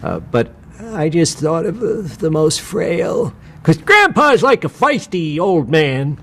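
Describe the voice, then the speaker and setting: A man's voice: fairly high pitch, slow pace, a little hiss or hum. A man casually explaining how he built his characters, with plenty of fillers. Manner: relaxed storytelling, filler-heavy. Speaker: voice actor. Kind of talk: casual interview.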